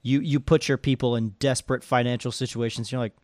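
A man's voice: medium pitch, fast talker, no echo, studio quality. A man co-hosting a podcast in casual comedic chat, joking around with lots of energy. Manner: jokey, animated, does silly sound effects. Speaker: podcast co-host.

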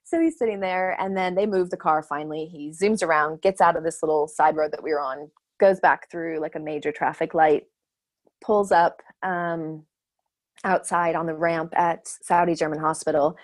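A woman in her thirties telling a story in casual chat, animated and laughing often, acting out the voices she quotes. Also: low-pitched, moderate pace. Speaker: guest sharing her birth stories.

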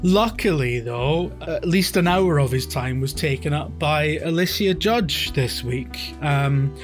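A man's voice: fairly high pitch, a little slow, soft background music. A man with an Edinburgh Scottish accent co-hosting a podcast, rambling casually with lots of fillers and swearing. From Scotland. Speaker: podcast co-host. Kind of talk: casual chat.

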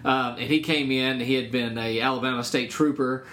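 A man's voice: medium pitch, steady tone, moderate pace, fairly bright tone, a little hiss or hum. A man who served in the Marines, talking earnestly in a casual discussion about faith and telling stories with quoted asides. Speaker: guest, former Marine.

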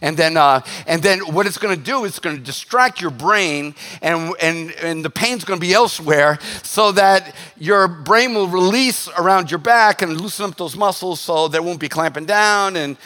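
Man, pastor, sermon, animated and joking, bright forceful tone, long hall reverb. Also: high-pitched. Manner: animated, joking, with quick voiced asides.

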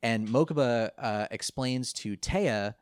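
A man casually recapping an anime episode, rambling and animated, often laughing and quoting the characters. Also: medium pitch, takes it slowly, smooth, dry recording, studio quality. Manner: rambling, animated retelling with laughs and quoted lines. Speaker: podcast co-host recapping an anime. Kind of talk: casual chat.

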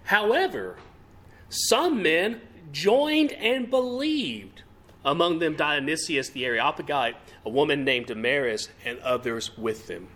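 A man's voice: on the high side, very animated, measured pace, fairly bright tone. A man preaching a sermon with emphasis and rhetorical questions. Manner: emphatic, rising and falling delivery with rhetorical questions.

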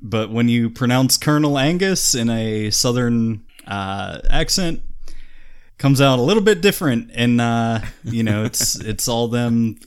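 A man co-hosting a casual podcast who talks in a relaxed way, with many "uh" pauses and chuckles. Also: medium pitch, clear, resonant tone. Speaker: podcast co-host. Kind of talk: casual chat.

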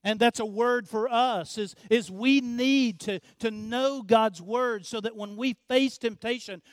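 High-voiced male pastor preaching slowly. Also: no room sound, studio quality. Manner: earnest preaching with repeated phrases and rhetorical questions; drops to a hush at the end of phrases. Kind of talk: sermon.

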